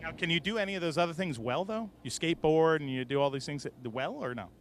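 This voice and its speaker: A man hosting casual interviews in an outdoor race garage, loud and jokey. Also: a little high, slight background noise. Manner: loud, jokey, quick to exclaim. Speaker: garage reporter and host.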